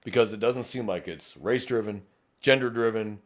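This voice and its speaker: A middle-aged police officer with a Texan accent speaks at normal speed in a lowish voice while co-hosting a casual podcast. Blunt and profane, he acts out his exchanges with drivers from traffic stops.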